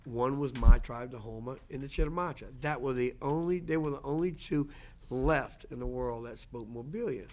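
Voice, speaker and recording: Man, casual earnest lecture, conversational, many restarts, average pitch. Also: normal speed. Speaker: language teacher and lecturer. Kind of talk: casual lecture answering questions.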